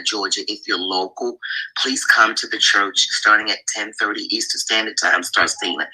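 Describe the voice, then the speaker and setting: A man taking the mic in a live audio chat, earnest and overcome with emotion, his thoughts spilling out. His voice is low-set, very bright and husky. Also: rough recording. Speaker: chat room participant.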